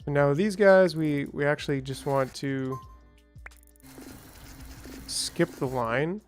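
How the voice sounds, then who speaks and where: A man's voice: fairly high pitch, takes it slowly, faint music behind. A man hosting a let's play, thinking aloud in a chatty way with small exclamations and restarts. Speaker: gaming channel host.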